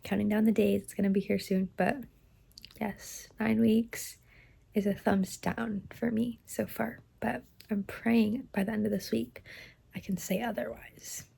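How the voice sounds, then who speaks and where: A woman's voice: medium pitch, flat delivery, measured pace, vocal fry, mellow, slightly rough. A young woman vlogging candidly about her pregnancy, nauseous and stuffy, chatting loosely with lots of "like" and "um" into a phone held at arm's length. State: nauseous and congested. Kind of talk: casual pregnancy vlog.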